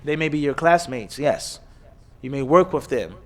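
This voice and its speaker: A man's voice: a little high, animated, moderate pace. Emphatic man giving a sermon. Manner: emphatic, repetitive, lecturing with lists and rhetorical questions. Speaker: imam. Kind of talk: sermon lecture. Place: mosque or Islamic center hall.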